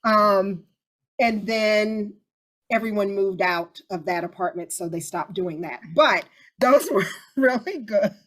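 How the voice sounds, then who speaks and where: A woman hosting a casual group discussion, chatty and animated as she tells stories. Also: medium pitch, takes it slowly.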